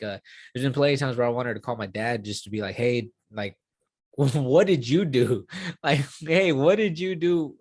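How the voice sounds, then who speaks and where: A man's voice: mid-range voice, no echo. A young man in his twenties talking casually in an interview, rambling with many fillers and restarts and swearing now and then. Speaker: UFC fighter.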